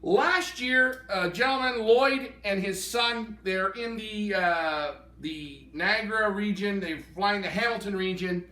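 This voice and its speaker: A man's voice: sits high, a little slow, hardly any pauses, sharp tone. A man co-hosting a live pigeon auction, enthusiastically appraising each bird he handles. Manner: enthusiastic, appraising birds in hand. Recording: roomy sound from a distance.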